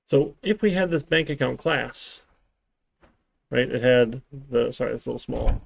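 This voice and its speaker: A programming instructor rambles through a live-streamed lecture, dropping dry, sarcastic asides along the way. His mid-range voice has vocal fry and a normal speed. The recording has no echo.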